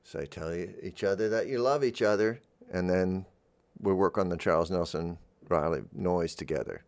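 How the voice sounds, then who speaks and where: A man hosting a freeform radio show from a studio, rambling gently in a musing monologue. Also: low voice, normal speed, dry recording. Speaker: radio host.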